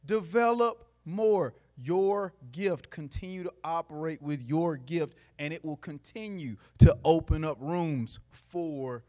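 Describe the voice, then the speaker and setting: A man giving a motivational talk to a live audience in a room, preachy, asking the crowd questions, going from quiet to loud. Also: a little high, takes it slowly, few pauses. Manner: preachy, call-and-response, swings from soft to loud. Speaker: motivational speaker.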